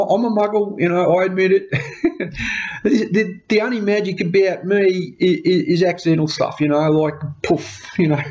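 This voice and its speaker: A man's voice: fairly high pitch, darkish tone. A passionate young Australian man with a stammering, heartfelt way of talking, telling his own story in a personal vlog. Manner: passionate, stammering, tearful at times. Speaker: vlogger. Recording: dull lo-fi sound.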